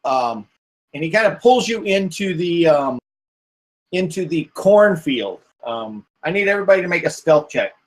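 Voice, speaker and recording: A man's voice: fairly high pitch, sing-song, normal speed, rough recording. A man running a tabletop game as game master, narrating scenes in a rambling way with many fillers. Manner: rambling, many fillers and restarts while describing.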